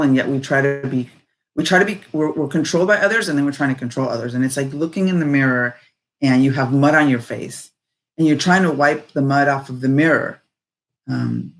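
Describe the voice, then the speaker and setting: A woman speaking casually and reflectively on personal growth, animated and rambling, full of fillers. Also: very deep voice.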